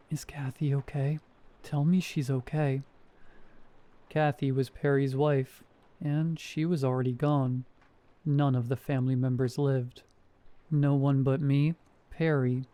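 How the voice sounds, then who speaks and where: A man narrating first-person horror stories in a steady, measured scripted reading. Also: mid-range voice.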